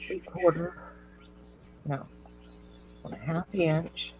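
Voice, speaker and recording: A woman's voice: deep voice, slow, darkish tone, faint music behind, poor audio. A woman hosting a casual craft stream, chatty and encouraging as she talks through each step. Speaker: host. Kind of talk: casual chat during a craft demo.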